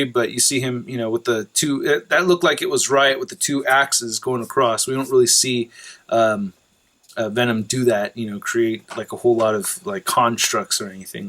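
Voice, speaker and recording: A man hosting a casual trailer reaction video, rambling with lots of fillers and restarts, an excitable fan whose voice jumps up when he gets enthused. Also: mid-range voice. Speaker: YouTube host reacting to a trailer.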